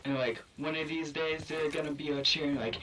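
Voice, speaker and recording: A young man rambles through a comic inner monologue, jumpy and foul-mouthed, flipping quickly into panic. He sits back from the mic, and a heavy wash of loud game noise and rumbling vehicles nearly swallows his voice. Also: distant mic. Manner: excitable, profane and panicky. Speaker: machinima narrator.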